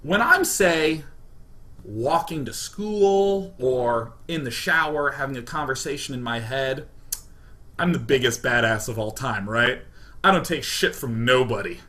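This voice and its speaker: A young man from Kansas telling a comedic personal story in an animated, self-deprecating way, peppered with "like". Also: mid-range voice, unhurried. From Kansas, United States.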